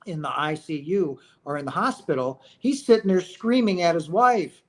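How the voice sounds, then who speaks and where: Speaking at normal speed in a voice on the high side, a streamer covers near-death experiences on a spiritual livestream. He's emphatic and preachy, piling on rhetorical questions and repeatedly saying "right?" and "guys."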